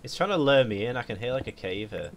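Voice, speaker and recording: A man's voice: medium pitch, lively intonation, fast, gravelly, slight background noise. A young man chatting casually and jokily while playing a game with friends, boasting about his finds. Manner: boastful, jokey. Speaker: gamer. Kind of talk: casual gaming chat.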